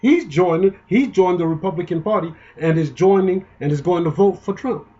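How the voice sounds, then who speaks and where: A man's voice: high voice, moderate pace, mellow, muffled recording. A man giving an indignant, emotional, rambling political monologue, often restarting his sentences. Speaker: political commentator.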